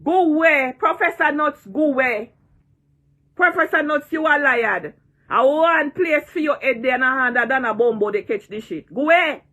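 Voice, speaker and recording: A woman's voice: high-pitched, normal speed, bright, forceful tone. A woman in her sixties with a Jamaican accent, ranting and taunting in a vlog, repeating her jeers and cursing freely. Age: 60s. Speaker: online personality.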